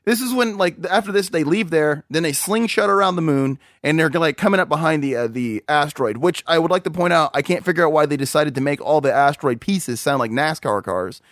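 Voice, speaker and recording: Young male co-host, high and very lively voice, dry close recording, animated movie-review banter. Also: a little fast, hardly any pauses, no echo. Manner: animated, laughing, mocks movie lines in put-on voices. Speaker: podcast co-host. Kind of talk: casual movie review chat.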